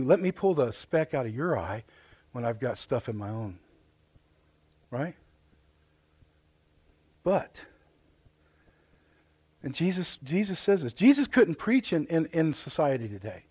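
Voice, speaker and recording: A middle-aged man with a Midwestern American accent preaching a live sermon in church, animated and joking, often repeating his words. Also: medium pitch, breathy edge, no echo. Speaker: pastor. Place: church sanctuary.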